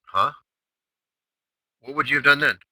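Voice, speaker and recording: A man's voice: medium pitch, measured pace, pushed and bright, no room sound, rough recording. Brash man hosting a trading chatroom. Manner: brash, emphatic, rhetorical questions, profanity. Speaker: day-trading chatroom host. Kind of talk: recorded trading session recap.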